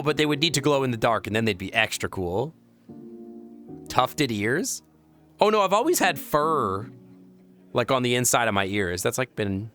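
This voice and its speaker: A young man chatting casually on a live stream, reading and answering viewer messages, playful and giggly, rambling and breaking into squeaky high exclamations. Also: big pitch swings, moderate pace, pauses often, a bit bright, soft background music. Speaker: VRChat streamer.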